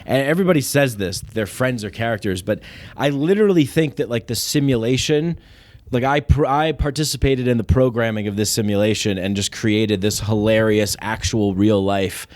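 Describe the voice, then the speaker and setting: A man's voice: lowish voice, moderate pace, darkish tone, dry recording. A man hosting a comedy podcast, chatting in a loose, profane, riffing way. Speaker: podcast host. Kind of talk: casual comedy chat.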